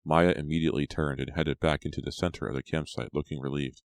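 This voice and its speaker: A man narrating an audiobook in a steady storytelling voice. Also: extremely low pitch, fast talker, gravelly, no echo, clean studio sound. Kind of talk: scripted narration.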